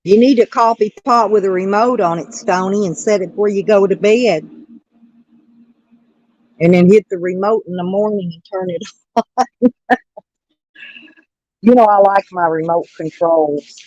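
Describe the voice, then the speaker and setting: A woman's voice: medium pitch, a little slow, long pauses, darkish tone, dry recording. A woman chatting casually on a live stream, rambling and greeting viewers by name. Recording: dull dry lo-fi sound.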